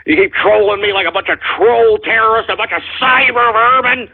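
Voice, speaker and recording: Angry high-voiced ranting radio host. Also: male voice, a little fast, husky. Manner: angry, profane, shouting insults at trolls. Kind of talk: ranting call-in radio talk. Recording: tinny phone-like sound.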